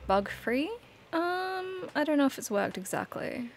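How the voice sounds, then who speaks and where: A woman's voice: sits high, very animated, a little slow, slight background noise. Chatty woman narrating her gameplay. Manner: chatty, storytelling, laughs now and then. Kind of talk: casual let's-play narration.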